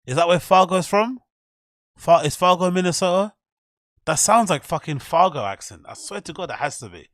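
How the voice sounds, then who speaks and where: A man's voice: high voice, expressive, brisk, fairly bright tone, no room sound, studio quality. A man hosting a live stream in casual, slangy, rambling talk full of swearing. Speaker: streamer host.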